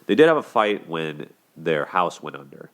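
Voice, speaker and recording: A man's voice: rumbling low, sing-song, normal speed. A man hosting a show, giving casual commentary on relationships in a conversational way, with plenty of fillers and restarts. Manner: conversational, many "you know" and "like" fillers and restarts. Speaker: host.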